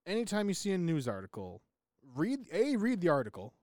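Rambling jokey man, lively pitch. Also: fairly quick, no room sound, clean studio sound. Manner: rambling, jokey, many fillers and restarts. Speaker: podcast co-host. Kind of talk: casual chat.

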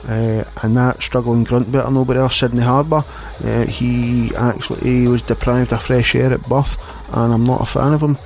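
A man's voice: medium pitch, little pitch movement, moderate pace, creaky, few pauses, noisy background. A young Glaswegian man playing a pirate radio DJ, ranting in a sweary, exasperated way. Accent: Glasgow Scottish. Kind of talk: scripted comedy radio show.

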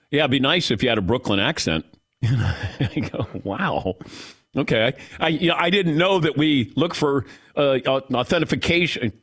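Middle-aged male radio host, animated storyteller, dry booth sound. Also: medium pitch, no room sound. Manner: storytelling, animated, quick asides. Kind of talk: sports talk radio.

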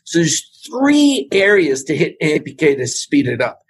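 Husky, animated male podcast guest. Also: a little high, normal speed. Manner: animated storyteller, acts out quotes. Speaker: podcast guest, supplement scientist. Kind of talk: casual interview chat.

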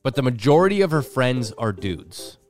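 A man co-hosting a casual chat podcast, animated, laughing often and swearing a lot. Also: medium pitch, moderate pace, faint music behind. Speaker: podcast co-host.

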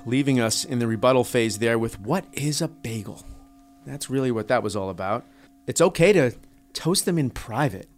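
A man's voice: mid-range voice, animated, moderate pace, faint music behind. A man hosting a casual podcast debate, upbeat and playful, announcing rounds like a game-show emcee.

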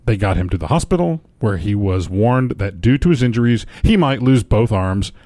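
A man's voice: lowish voice, sing-song, moderate pace, dark tone, dry recording. A man co-hosting a casual podcast, reading a news story aloud with dry jokes and playful emphasis. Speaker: podcast co-host.

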